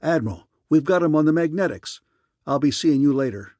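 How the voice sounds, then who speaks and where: A man's voice: mid-range voice, expressive, moderate pace, gravelly, a little mellow, slightly rough, no room sound. A man voicing a stubborn male mission commander who talks in an urgent, insistent way. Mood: defiant.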